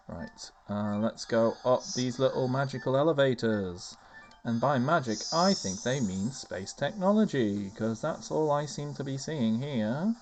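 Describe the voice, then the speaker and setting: A man giving casual, chatty gameplay commentary as a let's-play host, self-mocking and wry. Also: mid-range voice.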